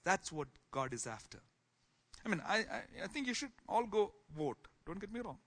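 A man teaching a Bible class in sermon style, swinging from soft asides to loud exclamations. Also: a little high, sing-song, normal speed, breathy edge.

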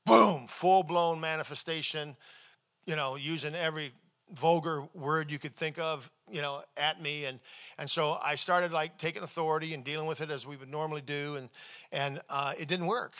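A male pastor preaching a sermon, telling a personal story in a conversational, animated way with frequent restarts. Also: a little high, moderate pace.

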